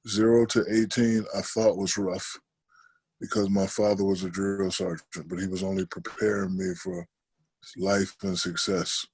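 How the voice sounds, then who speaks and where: A man in his forties, a podcast guest on a video call, who jokes loudly in banter and turns slow and reflective when he talks about serious things. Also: low-pitched, flat delivery, slightly rough, dry recording, low-quality recording. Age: 40s. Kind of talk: casual chat over a video call.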